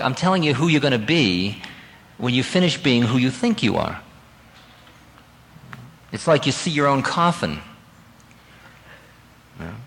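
A man giving a spiritual talk, telling a personal story in a lively, conversational way and laughing at himself now and then. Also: fairly high pitch, long reverb tail, rough recording. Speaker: spiritual teacher.

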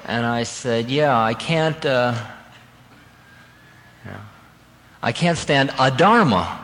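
A man giving a spiritual talk, telling a personal story in a lively, conversational way and laughing at himself now and then. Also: medium pitch, slow pace, long reverb tail, a little hiss or hum, low-quality recording. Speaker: spiritual teacher.

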